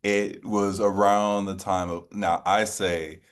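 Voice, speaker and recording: A man's voice: lowish voice, level tone. A man from New Orleans hosting an interview in a conversational way, often rephrasing and circling as he shapes his questions. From New Orleans, USA. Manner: halting, rephrases a lot while forming questions. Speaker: interview host.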